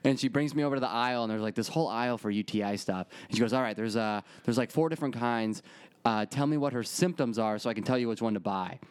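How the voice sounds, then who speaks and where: A man casually telling a crude, animated story on a podcast, acting out the people in it. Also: medium pitch, fast, clean tone, no room sound.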